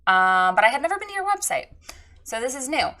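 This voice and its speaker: A woman's voice: sits high, sing-song, fast, pushed and bright. A woman coaching a photographer on her website in a casual spoken critique, frank and direct.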